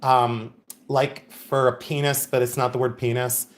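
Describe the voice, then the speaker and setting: A man's voice: mid-range voice, little pitch movement, a little slow. A man hosting a live-stream jewelry sale. He tells bawdy stories, laughs often and calls viewers by name. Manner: chatty, laughing, bawdy storyteller; addresses chat viewers by name. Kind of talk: casual live-stream sales chat.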